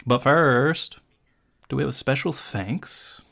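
A man's voice: mid-range voice, takes it slowly, creaky, fairly bright tone. Jokey male podcast host. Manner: jokey, teasing. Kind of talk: casual podcast chat.

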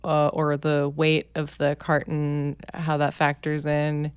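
Low smooth-voiced woman, dry quips. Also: monotone, slow pace, no room sound. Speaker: podcast co-host. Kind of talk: casual chat.

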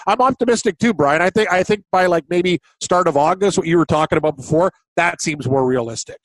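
A man co-hosting a podcast, joking and teasing his partner in quick casual banter. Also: high-pitched, dry recording. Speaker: podcast co-host. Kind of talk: casual chat.

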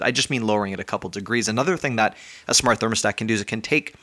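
A man hosting his own podcast from home, talking in a chatty, energetic, self-mocking way while a little out of breath. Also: lowish voice, rapid-fire. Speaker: podcast host. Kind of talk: casual podcast monologue.

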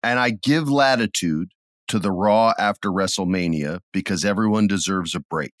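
A middle-aged man co-hosting a podcast, chatting casually and acting out his stories with sudden loud bursts. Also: low voice, normal speed, no room sound, clean studio sound. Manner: animated storyteller, acts out scenes with sudden loud bursts. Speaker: podcast co-host. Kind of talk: casual chat.

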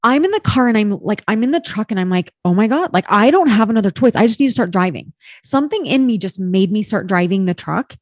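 Candid and expressive, this woman shares a personal story while chatting casually as a guest on a podcast, cursing freely and using "like" constantly. Her mid-range voice moves at a quick pace, with no room sound.

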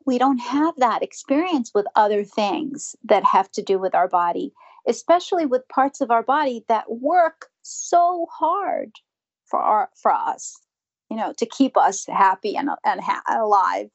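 A woman's voice: a little high, animated, a little slow, lo-fi sound. A woman dentist speaking earnestly and reflectively in a conversational interview, sometimes acting out what her patients say. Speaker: dentist guest.

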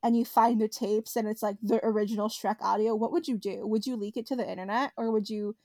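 A young woman co-hosting a podcast in casual chat, animated and laughing often as she tells stories. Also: medium pitch, fast, no room sound. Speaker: podcast co-host.

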